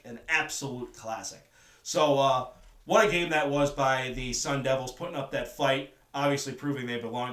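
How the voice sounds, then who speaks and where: A man's voice: mid-range voice, fairly bright tone, distant mic. A man hosting a solo sports talk show, giving opinionated commentary that circles back to the same points. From northern United States. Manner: opinionated, repeats his points. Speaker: sports podcast host. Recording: echoey room, voice away from mic.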